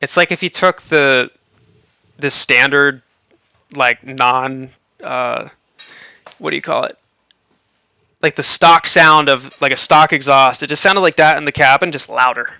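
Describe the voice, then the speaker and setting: A man's voice: mid-range voice, measured pace, gravelly, long pauses, sharp tone, clean tone, dry recording. A man hosting a livestream, chatting casually and rambling with lots of fillers and frequent laughs. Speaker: livestream host.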